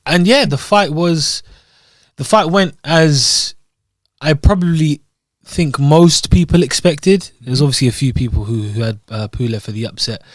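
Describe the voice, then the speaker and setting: A Scottish man co-hosts a podcast, chatting casually about food before moving on to present boxing news. His voice is fairly high and a little slow. The sound is clean studio audio with no echo.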